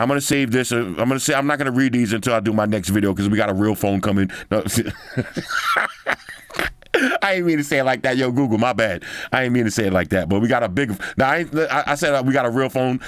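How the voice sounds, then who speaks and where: A man's voice: medium pitch, dry recording. Slangy, chatty man in a dry room. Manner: slangy and chatty, drops in "yo" and "bro"; loose, thinking aloud with restarts. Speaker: tech video host. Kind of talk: casual commentary while scrolling a phone.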